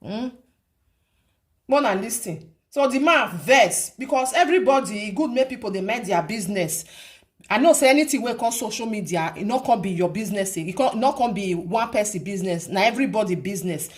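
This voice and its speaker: A woman's voice: medium pitch, animated, fairly quick. A woman with a Nigerian accent giving casual commentary to her viewers, emphatic, repeating her points and asking rhetorical questions. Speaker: vlogger.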